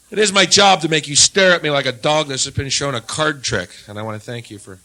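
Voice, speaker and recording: A man from the United States doing a sardonic stand-up set, swinging from low mutters to loud jabs on a handheld stage mic. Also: moderate pace. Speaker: stand-up comedian.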